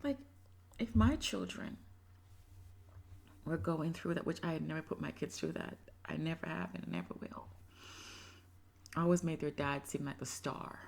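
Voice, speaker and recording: Gravelly, impassioned woman vlogger. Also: low voice, sing-song, moderate pace, pauses often. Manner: impassioned, moves between loud emphasis and soft whispery asides. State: emotional. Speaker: reaction video creator. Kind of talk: emotional reaction commentary.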